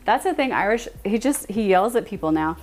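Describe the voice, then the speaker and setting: A young American woman with a medium-pitched voice chats casually with viewers on a live stream, animated and quick to laugh. Faint music plays behind her.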